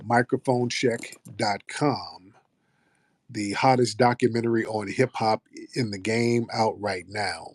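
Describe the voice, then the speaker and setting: A man's voice: fairly low pitch, fairly even intonation, measured pace, no room sound, clean studio sound. A man hosting an online audio show, chatting loosely and playfully with plenty of swearing. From United States. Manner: loose, profane, playful banter. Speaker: host. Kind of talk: casual chat.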